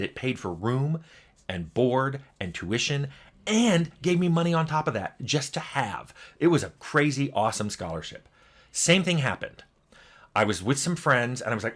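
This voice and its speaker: Low-voiced older man telling stories. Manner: conversational, lively retelling with quoted dialogue. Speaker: game developer talking to camera. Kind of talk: casual personal storytelling.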